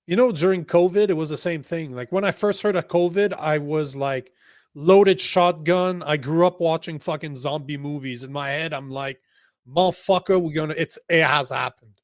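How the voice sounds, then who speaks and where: A young Canadian man with a voice on the high side co-hosts a casual political chat show podcast at a normal pace. He talks bluntly, curses often and rambles while addressing the live chat, captured in a dry, studio-quality recording.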